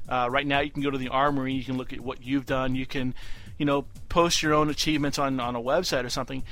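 A man co-hosting a casual gaming podcast, telling stories in a relaxed, chatty way with fillers. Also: medium pitch, fast, soft background music. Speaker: podcast co-host.

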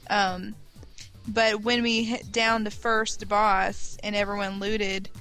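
A woman co-hosts a laid-back gaming podcast, explaining word meanings patiently and teasing her partner a little. Soft music runs faintly underneath. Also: mid-range voice, little pitch movement, slow pace, rough recording. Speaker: podcast co-host. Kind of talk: casual gaming podcast chat.

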